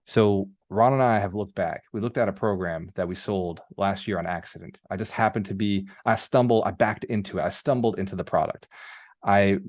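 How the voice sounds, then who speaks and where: A man's voice: sits low, normal speed, dry recording, clean studio sound. A man mentoring a group on a live coaching call, telling stories casually and prompting the audience with repeated phrases. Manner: conversational storyteller, animated, casual swearing. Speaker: business mentor. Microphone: video call microphone.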